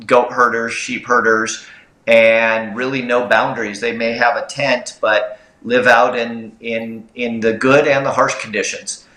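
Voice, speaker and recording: A man co-hosting a livestream, telling anecdotes with animated energy. His voice is bright and forceful. The room echoes around him. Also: mid-range voice. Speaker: co-host of a film livestream. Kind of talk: livestream storytelling chat.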